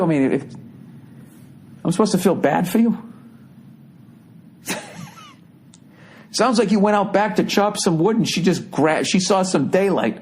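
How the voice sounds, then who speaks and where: A middle-aged man with a Boston accent rants through a comedic podcast monologue, swearing freely and sounding incredulous. His voice is a little high for a man and swings widely in pitch. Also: a little mellow, a little hiss or hum. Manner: ranting, profane, incredulous, mock-singing quotes. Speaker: podcast host.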